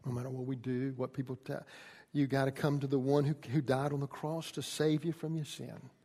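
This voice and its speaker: A man preaching a sermon, shifting from quiet, folksy storytelling to loud, impassioned pleading. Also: medium pitch, little pitch movement, brisk, long reverb tail. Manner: builds from quiet teaching to shouted pleading. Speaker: pastor.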